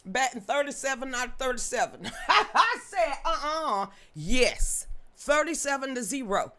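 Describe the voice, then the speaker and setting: A woman's voice: sits high, sing-song, measured pace, sharp tone. A middle-aged woman hosting a live political commentary stream, talking in a gloating, mocking way and breaking into sing-song chants. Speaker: host.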